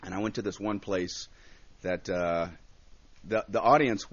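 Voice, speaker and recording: A man's voice: low voice, measured pace. A male comedian telling stories from his early career in a radio studio interview, acting out his own reactions and other people's voices. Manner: animated storyteller, acts out voices and reactions. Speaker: comedian guest. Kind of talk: storytelling interview. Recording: dull satellite radio broadcast.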